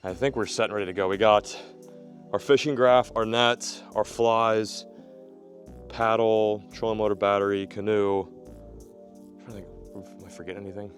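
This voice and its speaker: A man narrating a fishing vlog to camera outdoors by a remote lake, energetic and jokey. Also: lowish voice, moderate pace, soft background music. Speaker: fishing vlogger.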